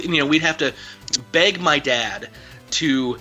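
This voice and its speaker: Guy rambling thru a story w lots of "like", bright voice, faint music behind. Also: fairly high pitch, slow pace, highs cut off. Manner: rambling, many fillers. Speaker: interview guest. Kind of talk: casual storytelling.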